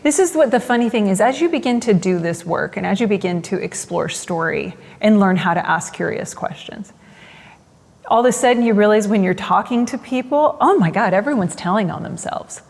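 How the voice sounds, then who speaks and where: A woman in her forties talks in a lively, casual way, often acting out what people say. Her pitch sits in the middle range for a woman. A long reverb hangs around her voice. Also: fairly quick, creaky. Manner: animated, laughing asides, quotes people. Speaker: guest's wife. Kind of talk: casual interview talk.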